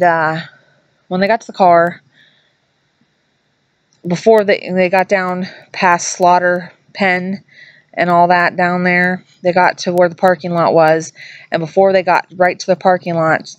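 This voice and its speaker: Chatty rambling woman telling a ghost story. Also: no echo. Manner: chatty, rambling, many asides and restarts; acts out quoted voices in a higher pitch. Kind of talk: casual storytelling to camera.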